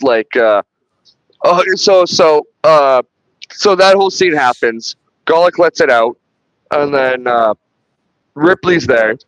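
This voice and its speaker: A man's voice: a little high, a bit bright, no echo, lo-fi sound. A man hosting a podcast, retelling film scenes in casual, rambling chat full of restarts and swearing. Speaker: podcast host reviewing a film.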